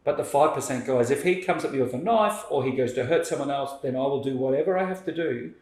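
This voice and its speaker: A man, a podcast guest telling a story in lively conversation and acting out what people said. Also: medium pitch, fast. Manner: animated, acts out quoted speech. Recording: roomy echo.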